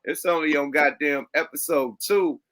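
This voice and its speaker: A man's voice: a little high, normal speed, fairly bright tone. A man hosting a podcast in casual chat, profane and slangy, with easy laughing banter. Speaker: podcast host.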